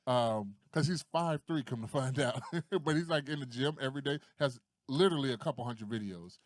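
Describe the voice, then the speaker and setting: A man's voice: mid-range voice, a little fast, no echo, clean studio sound. A man co-hosting a podcast, in casual chat, telling stories with lots of swearing and acting out the voices of the people he quotes. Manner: animated, profane storytelling that acts out quoted voices. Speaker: podcast co-host.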